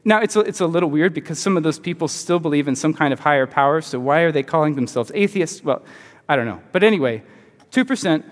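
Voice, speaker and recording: A man's voice: a little high, lively intonation, quick pace. Man lecturing in a reverberant hall. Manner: conversational, asks the audience rhetorical questions. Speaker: teacher. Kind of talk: conversational lecture to a group.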